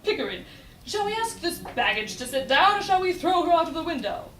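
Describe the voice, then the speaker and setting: A woman voicing a brusque, excitable middle-aged male professor, recorded from a distance in an echoey room. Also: very high voice, pitched above the performer's own voice, heavily acted. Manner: brisk and bullying. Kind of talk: recitation in a speech competition.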